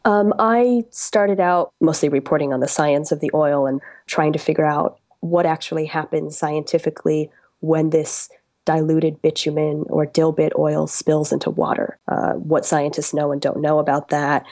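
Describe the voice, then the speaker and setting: A woman with a low-pitched voice speaks in a radio interview. She explains her reporting in a thoughtful way, pausing often with ums and uhs. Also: fairly even intonation, darkish tone. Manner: thoughtful, with frequent um and uh.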